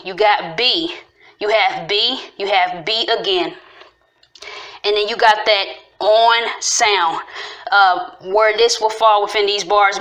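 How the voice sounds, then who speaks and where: A woman's voice: mid-range voice, pushed and bright. A woman casually explaining rhyme patterns in a video, repeating and stretching syllables as she goes. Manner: talks through syllables slowly, repeating and stretching sounds.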